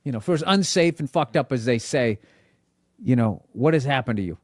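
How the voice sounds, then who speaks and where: A man's voice: medium pitch, expressive, fairly quick, a little mellow, dry recording, clean studio sound. A man from Boston with a Boston accent, teasing and laughing in a casual chat as a comedian guest.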